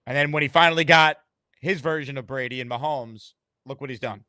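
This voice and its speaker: A man's voice: medium pitch, a little fast, pushed and bright, no echo. A man hosting a sports podcast, talking brashly and theatrically, taking calls and reading out comments. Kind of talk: fan podcast monologue and call-in.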